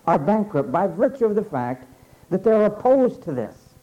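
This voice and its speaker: A man preaching a sermon emphatically, repeating phrases and pausing for effect. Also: high-pitched, sing-song. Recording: dull lo-fi sermon recording.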